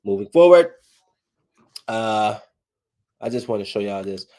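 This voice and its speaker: A man hosting a casual solo podcast, telling stories in a slangy, joking way, swinging from loud outbursts to low muttering and laughing often. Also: sing-song, a little slow, creaky. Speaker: podcast host.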